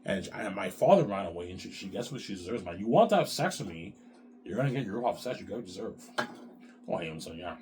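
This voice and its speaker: Rambling profane man, low voice, faint noise. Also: animated, fast talker, darkish tone. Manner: quotes others in brief put-on voices. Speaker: show host. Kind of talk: rambling monologue.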